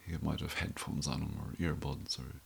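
A man's voice: a bass voice, flat delivery, moderate pace, gravelly, slight background noise. A middle-aged Irish man telling a rambling, wry story in a casual monologue. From Ireland. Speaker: vlogger.

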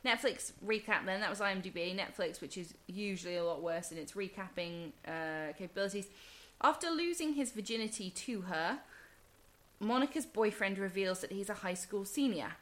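A woman's voice: mid-range voice, lively intonation, normal speed, a bit bright. A woman with a Southern English accent co-hosting a podcast in chatty, casual talk. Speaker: podcast co-host. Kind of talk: casual chat.

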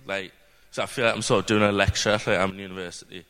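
A man's voice: deep voice, little pitch movement, fast, a bit bright, smooth. A young man from the UK giving an earnest, rambling testimony at a church gathering, full of fillers. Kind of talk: informal testimony talk. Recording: long hall reverb.

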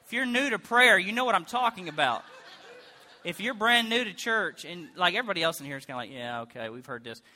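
Male pastor, middle-aged, very bright tone, storytelling sermon with loud comic bursts. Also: high-pitched, fast talker. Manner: animated, comic storytelling with sudden loud bursts and mock prayer voices.

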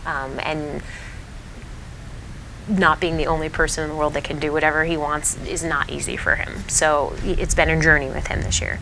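A woman's voice: deep voice, background noise. A woman kindergarten teacher talking in a casual interview, earnest and heartfelt, with many fillers and restarts. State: tearful at times.

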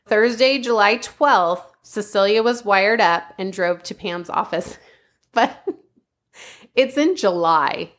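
A woman's voice: medium pitch, slow, fairly bright tone. Chatty woman telling a true-crime story. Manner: chatty, laughs often, "like" fillers. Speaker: podcast host.

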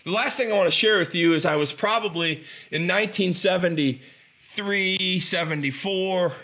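A man's voice: high voice, moderate pace, bright, forceful tone. Emphatic man giving an inspirational speech. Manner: emphatic, draws out key phrases, frequent restarts. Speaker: motivational speaker.

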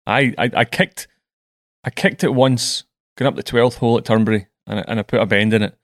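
A man's voice: medium pitch, steady tone, fairly quick, no room sound, studio quality. A man hosting a podcast, telling stories in a chatty way and often stumbling over his words. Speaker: podcast host. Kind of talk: casual chat.

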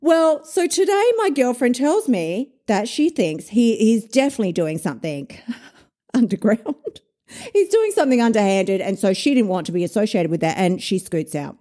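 Lively swearing woman coach. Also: a little high, normal speed. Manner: animated, swearing, laughing often. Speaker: weight loss coach, podcast host. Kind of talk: casual storytelling monologue.

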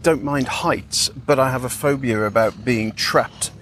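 A man's voice: mid-range voice, measured pace, fairly bright tone. A man co-hosting a podcast, chatting in an easygoing way with fillers while driving. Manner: easygoing, agreeable, hesitant fillers. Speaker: podcast co-host. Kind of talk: casual chat on a drive. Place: in a car. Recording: road noise behind the voice.

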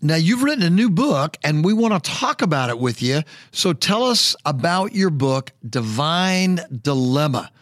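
A man's voice: fairly high pitch, very animated, a little slow, few pauses, fairly bright tone, no room sound, clean studio sound. A man co-hosting a podcast, asking a guest friendly, eager questions. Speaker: podcast co-host. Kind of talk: interview questions.

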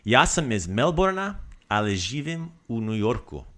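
A man co-hosting a podcast, patiently teaching a friend Croatian phrases in a casual lesson and repeating them slowly. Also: mid-range voice, sing-song, fairly bright tone.

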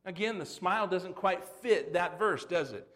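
A man's voice: sits high, moderate pace, a bit bright. A middle-aged man preaching a sermon as pastor, folksy and conversational, with rhetorical questions and asides.

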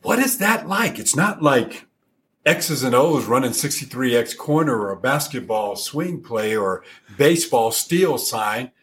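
A man's voice: mid-range voice, animated, a little slow, a bit bright. A man hosting an interview, reacting with short exclamations and laughs and asking questions in a casual way. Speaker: podcast host.

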